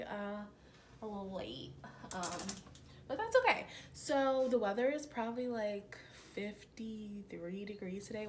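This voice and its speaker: A woman's voice: mid-range voice, darkish tone, a little hiss or hum, rough recording. A young woman talking casually to the camera for her vlog, chatty and full of fillers, laughing easily. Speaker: vlogger. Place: home, then out in the city.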